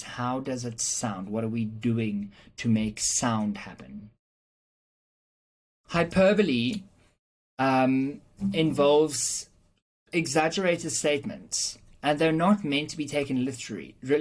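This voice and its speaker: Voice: mid-range voice, expressive, a little slow. A teacher giving an explanatory lesson on rhetorical devices, patiently working through examples and checking in with "okay?" along the way, with frequent "um" fillers. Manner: frequent "um" fillers and small restarts. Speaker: English teacher.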